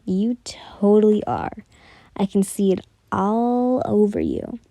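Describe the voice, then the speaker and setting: A woman voicing a cocky young male fighter who mocks calmly, in a whispered role-play. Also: medium pitch, slow pace, no room sound. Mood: smug teasing. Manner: mocking, calm and smug.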